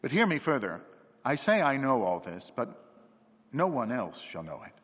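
A man voicing a gentle, perceptive little priest who speaks gravely and calmly. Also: medium pitch, moderate pace. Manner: grave, quiet and calm. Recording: long hall reverb.

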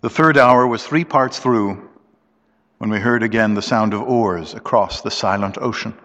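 A man narrating a story aloud in a steady, measured way, recorded with long reverb. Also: on the low side.

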